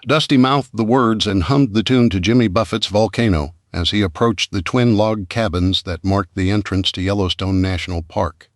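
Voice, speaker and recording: A man narrating a disaster thriller audiobook in a steady, measured way. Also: on the low side, no room sound, clean studio sound. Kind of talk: scripted narration.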